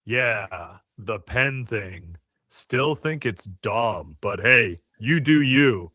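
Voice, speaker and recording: A man's voice: fairly low pitch, animated, drawn-out words, sharp tone, dry recording, studio quality. A male AI chatbot voice, dismissive and crude, brushing everything off. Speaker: AI chatbot panelist. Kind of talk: casual chat.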